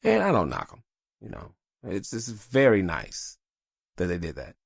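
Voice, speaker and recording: A man's voice: sits low, huge pitch swings, measured pace, creaky, breathy edge, dry recording, clean studio sound. A tired man hosting a podcast in casual, rambling, profane chat. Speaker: podcast host.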